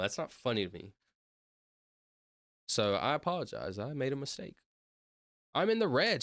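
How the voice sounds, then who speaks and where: In a dry, studio-quality recording, an excitable guy with lively pitch reacts to videos as a streamer. He's from the Southern United States, and his casual commentary rambles along with sudden shouted outbursts.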